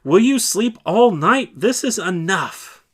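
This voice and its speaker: A man voices a grown male leader, raised and urgent, pleading with his followers to stay awake. The voice climbs higher and louder than the narration around it. It sits inside a guided scripture meditation. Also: lively intonation, takes it slowly, full character voice.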